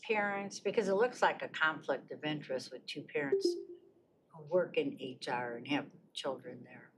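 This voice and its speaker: Low-voiced woman probing with questions. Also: normal speed. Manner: probing, polite, skeptical. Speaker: county commissioner. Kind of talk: committee questioning. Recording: noisy public meeting room.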